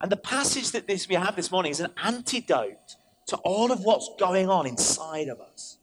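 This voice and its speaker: A man, a vicar, preaching an animated sermon in church, telling stories and switching in and out of quoted voices. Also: high-pitched, moderate pace, slight background noise.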